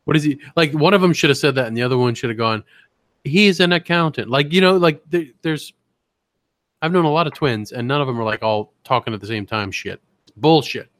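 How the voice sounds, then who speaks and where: A man co-hosting a casual podcast, trading wry, swearing banter and quick asides. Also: medium pitch, expressive, no echo, clean studio sound. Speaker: podcast co-host. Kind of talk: casual chat.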